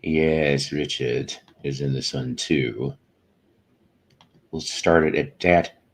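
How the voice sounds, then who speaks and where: A man's voice: rumbling low, steady tone, takes it slowly. A man hosting a live stream, chatting loosely and greeting viewers by name in a meandering, chuckling way. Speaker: podcast host. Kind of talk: rambling live-stream chat.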